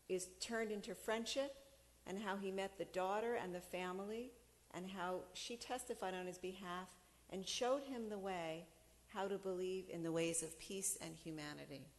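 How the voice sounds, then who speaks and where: A middle-aged woman from the United States giving a storytelling talk, animated and acting out the people she quotes. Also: mid-range voice, moderate pace, long reverb tail. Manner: animated storyteller who acts out quoted voices. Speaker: speaker.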